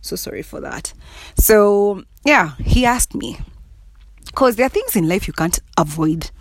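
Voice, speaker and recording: A woman's voice: mid-range voice, a little slow. A young Kenyan woman with a Kenyan accent, vlogging casually, laughing often and speaking bluntly with frequent swearing. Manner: laughs often, blunt and cussing, animated and emphatic. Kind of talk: casual monologue to camera.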